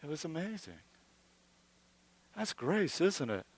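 A man's voice: fairly high pitch, very animated, slow, slightly rough. A middle-aged man preaching a sermon as pastor, earnest and conversational, often restarting and building emphasis.

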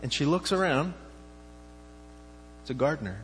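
A man's voice: a little high, lively intonation, normal speed, a bit bright. A man preaching in a conversational tone, asking his congregation questions as he goes. His voice carries a long reverb from a large hall. A faint mains hum sits underneath. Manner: conversational, asks the listeners questions. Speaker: pastor. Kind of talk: sermon.

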